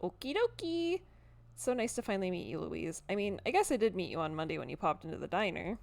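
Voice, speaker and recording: A woman's voice: lowish voice, very animated, quick pace, gravelly, a little mellow. A woman voicing a chirpy, overeager young housecleaner who talks in a gushing, bubbly way in a video game.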